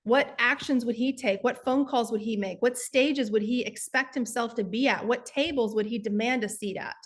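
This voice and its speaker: A Texas woman with a fairly high voice speaks at a normal speed, earnestly telling motivational stories as a guest and sales coach. She's emphatic and calls her listeners "y'all."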